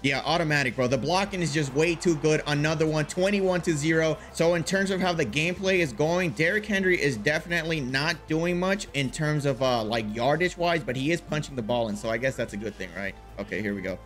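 A man talking through a video game match as he plays. His voice sits a little high and swings from low muttering to sudden loud outbursts. Soft music plays underneath. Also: a little fast, few pauses. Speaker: gaming YouTuber. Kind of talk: excited live gameplay commentary.

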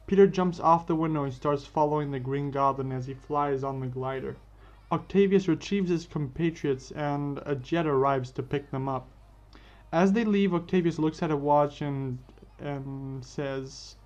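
A man's voice: a little high, measured pace. A man narrating a fan-made story casually, correcting himself as he goes. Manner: unscripted, self-correcting. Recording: dull lo-fi with faint music.

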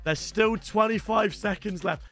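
Excitable sweary gaming lad. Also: male voice, high-pitched, unhurried, over music. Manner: loud, sweary, banters with viewers as lads. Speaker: gaming YouTuber.

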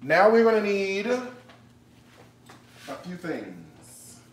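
A man's voice: sits high, wildly swooping pitch, drawn-out words, roomy sound, noisy background. A man hosting a casual cooking livestream, chatty and joking, breaking into laughter as he talks. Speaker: cooking show host.

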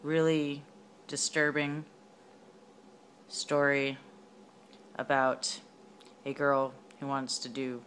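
A young student giving a casual retelling of a story for a class assignment, hesitant and slangy with lots of fillers. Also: female voice, rumbling low, level tone, drawn-out words, pauses often, a bit bright, a little hiss or hum. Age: young adult.

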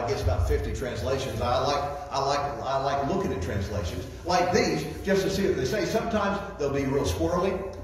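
A man preaching a sermon as a guest speaker, repeating key phrases and reading scripture aloud. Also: a little high. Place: church sanctuary. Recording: echoey hall, voice from far off.

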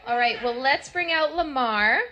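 A woman's voice: high voice, normal speed, muffled recording. A woman hosting a game show in a bubbly, directing manner.

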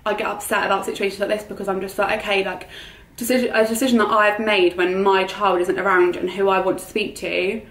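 A woman's voice: medium pitch, little pitch movement, brisk, fairly bright tone, reverberant, low-quality recording. Chatty young woman vlogging. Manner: chatty, heartfelt, with many ums and restarts. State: tearful at times. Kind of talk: casual talk to camera.

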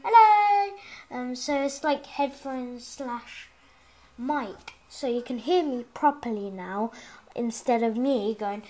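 A child gaming vlogger chats casually at home over a headset mic, speaking slowly at medium pitch. Excitable and talkative, the kid rambles with plenty of ums and restarts.

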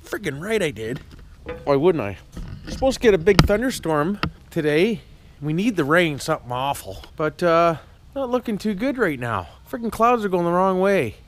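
Folksy Canadian man with a lively voice. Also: a little high, moderate pace, slight background noise. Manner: jokey, folksy, tags lines with "eh" and "why wouldn't I". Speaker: vlogger. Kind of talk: casual chat to camera.

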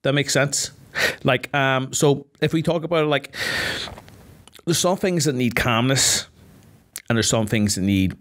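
A man's voice: mid-range voice, measured pace, long pauses, fairly bright tone. A man, an MMA fighter, chatting casually on a podcast, swearing freely and filling his speech with "like" as he explains.

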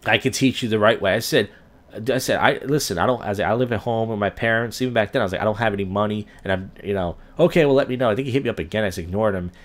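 A man's voice: lowish voice, rapid-fire. A young man hosting a solo podcast, rambling through a long story and acting out the people he quotes. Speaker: podcast host.

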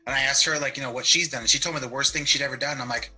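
A man's voice: medium pitch, fairly even intonation, racing, bright, forceful tone, husky, soft background music, poor audio. A young man, a guest on a call-in show, chatting loosely over a video call, with lots of "like" and mild swearing. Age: young adult. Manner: loose, laid-back, peppered with "like" and mild swearing. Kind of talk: casual chat.

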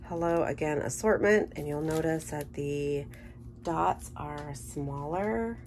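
A woman chatting casually through an unboxing, gushing with enthusiasm and dropping into soft murmured asides. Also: low voice, slow, slight background noise. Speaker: scrapbooking vlogger.

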